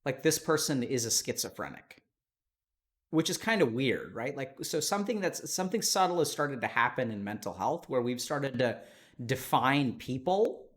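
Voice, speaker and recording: An animated man in his thirties tells a long story on a livestream, jumping from loud, excited bursts to hushed asides. He talks casually into a desk mic, with a mid-range voice and a lot of swing in his pitch. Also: moderate pace. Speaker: psychiatrist and streamer host.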